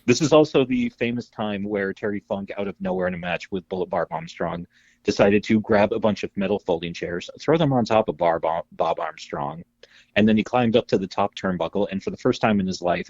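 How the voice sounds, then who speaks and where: Male podcast co-host, low pitch, husky, animated storyteller, casual and profane. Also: a little fast, no echo, muffled recording. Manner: animated storyteller, acts out quotes, swears freely.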